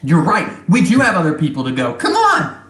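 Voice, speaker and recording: A man voicing a crowd of panicky little goblins with shrill, squealing yelps, in an echoey room with faint music behind. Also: huge pitch swings, brisk, fairly bright tone. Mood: urgent.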